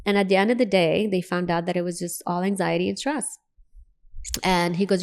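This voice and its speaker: A woman's voice: lowish voice, steady tone, brisk, gravelly. A woman in her forties, a dentist, telling a personal story in an interview and acting out the dialogue as she goes. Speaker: guest, dentist.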